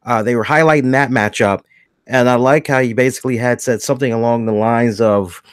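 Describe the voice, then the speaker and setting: A man's voice: medium pitch, steady tone, a little fast, clear, resonant tone, dry recording, studio quality. A man hosting a wrestling review show, talking casually and animatedly, acting out his own reactions and often restarting his words. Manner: frequent restarts and repeated words. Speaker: wrestling podcast host.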